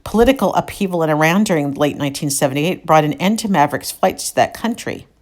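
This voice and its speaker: A woman's voice: low-pitched, lively intonation, quick pace. A woman around fifty, hosting a podcast, reads old newspaper clippings aloud and breaks in with wry, chatty comments. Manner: wry, chatty asides between read passages. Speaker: podcast host.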